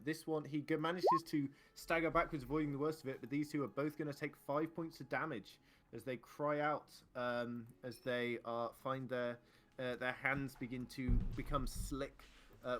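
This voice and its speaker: Bright-voiced man running a tabletop game. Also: mid-range voice. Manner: lively, laughs often, describes combat blow by blow. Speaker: game master. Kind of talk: narrating a tabletop game over voice chat. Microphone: online call microphone.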